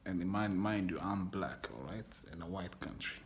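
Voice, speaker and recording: A documentary interviewee, a man, candidly tells his own story, frank and rambling, groping for words and swearing casually. His low voice moves at normal speed over a little hiss or hum.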